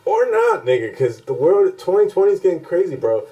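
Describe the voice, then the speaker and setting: A man's voice: high voice, big pitch swings, a little fast, warm tone, muffled recording. A man co-hosting a podcast in casual chat, rambling and profane, often laughing as he talks. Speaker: podcast co-host.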